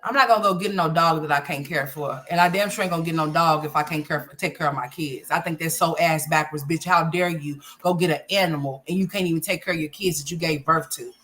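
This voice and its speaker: Blunt, emphatic woman with a low voice. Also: fast, few pauses, a bit bright. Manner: blunt, emphatic, repeats herself, swears freely. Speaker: livestream commentary host. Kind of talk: casual opinionated commentary. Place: at home.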